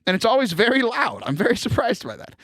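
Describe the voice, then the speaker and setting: A man from Houston, hosting a podcast and chatting casually with animated storytelling and frequent laughter. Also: very high-pitched, quick pace, dry recording, studio quality. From Houston, Texas. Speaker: podcast host. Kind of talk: casual chat.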